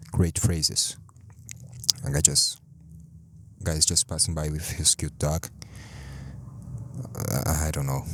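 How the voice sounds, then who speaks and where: A man hosting a rambling solo podcast from a parked car, speaking English as a second language, self-deprecating and swearing a lot with halting restarts. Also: low voice, a little mellow. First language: not English. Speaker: podcast host.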